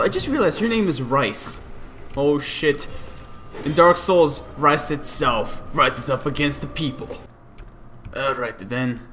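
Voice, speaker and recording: A man giving excitable, profane commentary while playing a video game, often yelling at his teammates. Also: a little high. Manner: excitable, swearing, yells at teammates. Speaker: gaming video host. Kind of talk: let's play commentary.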